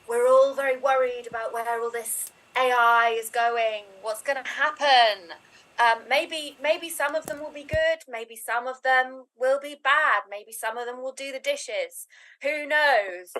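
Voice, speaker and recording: A woman's voice: high voice, a little slow, fairly bright tone, rough recording. A woman performing an improvised comic monologue in a chatty manner with silly asides.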